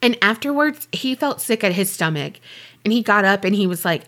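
A woman's voice: medium pitch, expressive, moderate pace, a bit bright. A woman co-hosting a podcast, telling a true-crime story in a loose, chatty way with offhand swearing. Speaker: podcast co-host.

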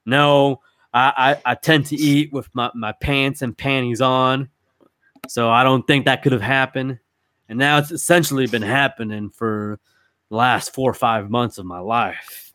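A man telling a rambling comedy story in a gruff, ungrammatical, slangy way. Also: medium pitch, fairly even intonation, measured pace, a bit bright, no room sound, studio quality.

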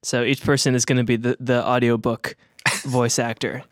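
A man's voice: mid-range voice, little pitch movement, normal speed, dry recording, clean studio sound. A man hosting a podcast, explaining the episode format in a matter-of-fact, casual way. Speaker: podcast host. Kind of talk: casual chat.

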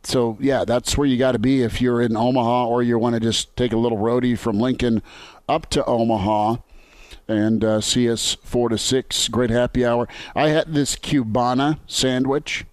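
A man's voice: medium pitch, steady tone, moderate pace, darkish tone, no room sound. An easygoing man hosting a sports talk show, chatting casually and chuckling now and then. His voice is close and dry in a studio. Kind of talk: casual sports radio banter. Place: radio studio.

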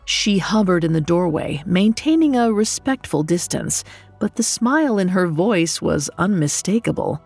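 A woman narrating a scripted story in a measured, dramatic way. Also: lowish voice, animated, vocal fry, darkish tone, slightly rough, faint music behind. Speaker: podcast narrator.

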